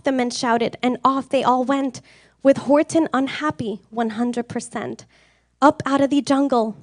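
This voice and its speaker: A woman reading a rhyming storybook aloud with a rhythmic, expressive sing-song delivery. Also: high voice, no room sound, clean studio sound. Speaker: reader.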